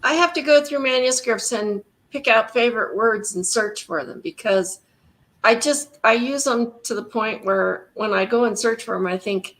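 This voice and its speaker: A woman's voice: on the high side, moderate pace, fairly bright tone. A woman author musing wryly on a video call about writing habits. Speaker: author and guest reader. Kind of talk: casual chat on a video call.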